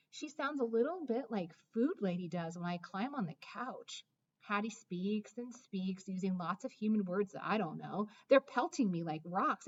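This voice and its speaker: A woman narrating a children's story in the first person, expressive, with dramatic hushes and excited rises. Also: medium pitch, lo-fi sound. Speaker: audiobook narrator.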